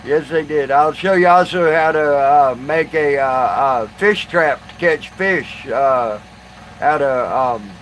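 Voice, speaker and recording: A man chatting casually to a live stream audience, halting with many fillers and restarts. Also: medium pitch, fairly bright tone, a little hiss or hum, poor audio.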